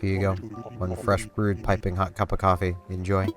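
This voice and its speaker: A man voicing a calm male pigeon who runs a café, speaking in a low, terse murmur. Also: moderate pace, over music, close to an everyday voice.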